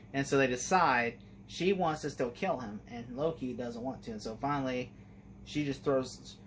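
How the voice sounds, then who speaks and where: A man's voice: mid-range voice, a little hiss or hum. A man giving a casual spoken review of a TV series, rambling and enthusiastic, filling his talk with "like". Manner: rambling and enthusiastic, heavy use of "like".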